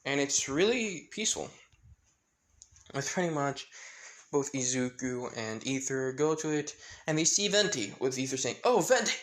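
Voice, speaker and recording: A man's voice: mid-range voice, expressive, unhurried. A man casually narrating a fan-fiction story, rambling with many fillers and side comments. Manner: rambling, filler-heavy asides.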